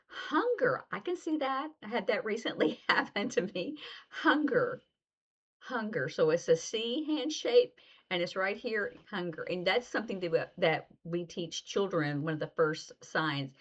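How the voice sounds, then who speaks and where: A woman's voice: lowish voice, dull audio. A woman teaching a casual video lesson, chatty and loose, acting out little example dialogues as she explains. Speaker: sign language teacher.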